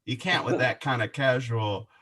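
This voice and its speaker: A man telling a personal faith story in conversation, animated and laughing often, with many restarts. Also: medium pitch, normal speed. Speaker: guest.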